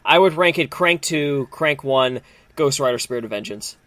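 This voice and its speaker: A man's voice: mid-range voice, lively intonation, normal speed, fairly bright tone, no room sound. A man co-hosting a movie podcast, agreeing eagerly and swearing casually. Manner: enthusiastic, agreeable, swears freely. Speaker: podcast co-host.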